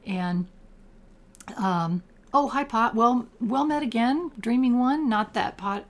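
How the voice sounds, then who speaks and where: An older retired woman playing a farming game, chatting casually and reading game text aloud. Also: mid-range voice. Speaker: game streamer. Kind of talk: casual let's-play commentary.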